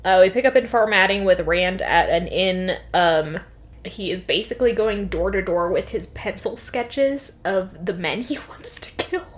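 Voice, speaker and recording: A woman co-hosting a casual book podcast, recapping chapters in an animated, jokey way. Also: medium pitch, a little slow. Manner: lively recapping with laughs and silly voices. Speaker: podcast co-host. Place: apartment room with landscaping outside. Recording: faint yard noise outside.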